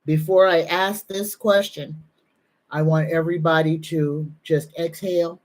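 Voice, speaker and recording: A woman psychic medium and tarot reader gives a live-stream reading in a deep, darkish voice with fairly even intonation. She speaks slowly, earnestly, and soothingly, and her emotions sometimes bring her close to tears.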